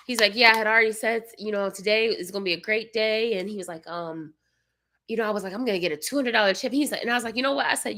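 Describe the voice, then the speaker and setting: A bright, forceful-sounding young woman tells a long story in casual chat to her livestream viewers. She sounds tired and a bit congested, and she plays the people she quotes with lively, animated delivery. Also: mid-range voice. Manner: animated storyteller, acts out quotes, sudden loud outbursts. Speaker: vlogger, mother of young kids.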